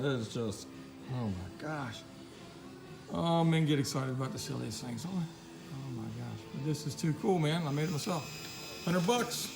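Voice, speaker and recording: Folksy, excitable man with a slightly high voice, filming his workshop gear on a handheld camera; music and mains hum behind him. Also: moderate pace, creaky, low-quality recording. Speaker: DIY builder showing his project. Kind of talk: casual workshop demo vlog. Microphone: handheld camera mic.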